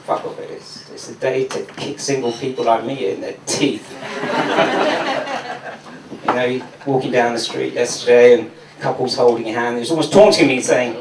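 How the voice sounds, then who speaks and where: A stand-up comedian from Mauritius, doing a sardonic, profane routine at a comedy venue. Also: male voice, mid-range voice, steady tone, moderate pace, noisy background. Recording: echoey room from a distance.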